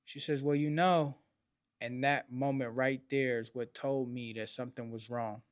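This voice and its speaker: A man hosting a podcast, telling a personal story in blunt, profane street slang, his voice rising in pitch and volume when he acts out remembered moments. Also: little pitch movement, normal speed, smooth, dry recording, clean studio sound. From Oakland, California. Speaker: podcast host.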